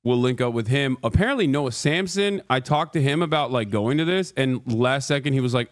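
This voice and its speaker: A man's voice: mid-range voice, moderate pace, hardly any pauses. A tired man streaming live from a hotel room, chatting casually and rambling with joking banter. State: tired from little sleep. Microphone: streaming mic.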